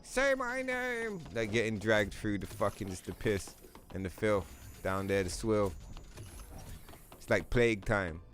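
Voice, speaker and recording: A man's voice: lowish voice, steady tone, unhurried, pauses often. A man hosting a game livestream, telling rambling, profanity-filled stories and chatting casually with viewers. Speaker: livestream host. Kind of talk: casual gameplay stream chat.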